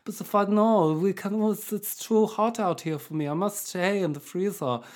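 A man's voice: sits high, fairly quick, pitched above the performer's own voice, close to an everyday voice. A man putting on a prissy German-accented vaccine. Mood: fussy. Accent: put-on German. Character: pampered German-accented vaccine, fussy and fragile.

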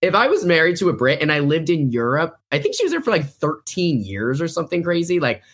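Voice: mid-range voice, very animated, fast, a bit bright, slightly rough. A podcast host in casual pop-culture chat, talking in a chatty way, filling the talk with "like" and laughing often.

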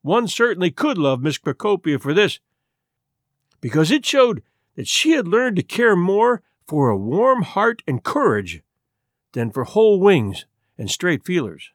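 A man reading a classic story aloud as host of a podcast, expressive and gentle. His pitch sits a little high and moves a lot. The sound is dry and close to the mic. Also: unhurried, no room sound. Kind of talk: storybook narration.

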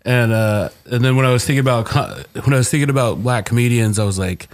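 A man's voice: mid-range voice, fast. A man hosting a podcast, explaining the dishes he cooked in an easygoing, rambling way. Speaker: podcast host and cook. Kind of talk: relaxed podcast chat.

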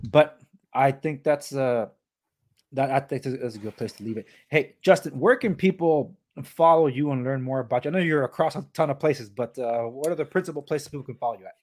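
A man hosting a podcast interview, talking in a halting way with many restarts. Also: mid-range voice, a little mellow. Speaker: podcast host. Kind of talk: casual interview chat.

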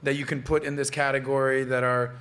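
A man's voice: medium pitch, little pitch movement, a little fast, fairly bright tone. A man around forty hosting a podcast, brash, joking and profane in casual chat. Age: late 30s to early 40s. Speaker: podcast host.

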